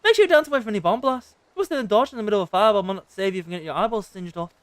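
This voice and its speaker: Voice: mid-range voice, expressive, very fast, no room sound, lightly acted. A streamer voicing a sly, cheery male rogue guildmaster with an Irish accent who calls people lass. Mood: scheming.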